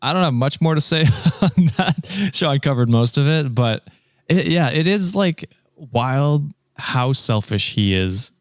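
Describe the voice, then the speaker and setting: Male co-host, smooth clear voice, blunt and profane, dry studio sound. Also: fairly high pitch, lively intonation, unhurried, dry recording. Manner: blunt, swears freely, reacts with outrage. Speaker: podcast co-host. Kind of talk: casual podcast chat.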